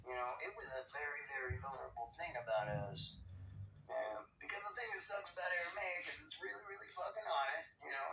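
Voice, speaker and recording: A man's voice: fairly high pitch, expressive, quick pace, gravelly, over music. A man telling a rambling, profane first-person story, with chuckles and whispered asides. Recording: roomy echo, mic at a distance, faint noise.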